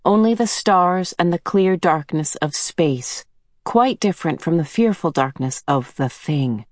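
Slow, measured woman narrating a book. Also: on the low side, expressive, a little mellow, no room sound, clean studio sound. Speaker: audiobook narrator. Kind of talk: scripted narration.

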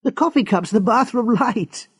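A man doing a teasing, sharp young wife. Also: very high voice, animated, normal speed, husky, voice pushed up, full character voice.

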